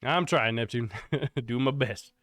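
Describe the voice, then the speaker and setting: A man's voice: mid-range voice, measured pace, no room sound. Nasal congested young man, casual streamer chat, dry close sound. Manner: relaxed, rambling, thankful. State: congested and coughing. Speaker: live streamer.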